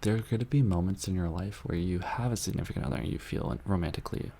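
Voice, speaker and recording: A man with a deep, gravelly voice talks softly in an ASMR live chat. He rambles in a tender, earnest way and sometimes drops into a whisper while he answers his viewers. A faint hiss sits under his voice. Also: quick pace. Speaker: ASMR channel host reading viewer messages.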